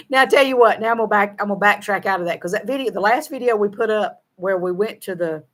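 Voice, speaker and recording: A woman's voice: medium pitch, fairly bright tone. Folksy Southern American woman. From Southern United States. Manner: folksy, laughs often, talks fast and slurs words. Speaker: show co-host. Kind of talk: casual chat reading viewer comments.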